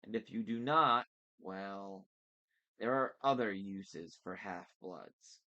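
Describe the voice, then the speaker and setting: A man reading aloud and voicing a menacing, gloating monster posing as a vice principal, speaking slowly and deliberately. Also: on the low side, bright, forceful tone, highs cut off. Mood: gloating menace. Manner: slow, deliberate, mocking.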